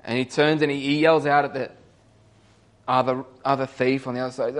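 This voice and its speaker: A man's voice: mid-range voice, level tone, brisk. Man preaching, casual storytelling. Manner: storytelling, acts out voices, rising to loud emphatic peaks. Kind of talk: casual sermon.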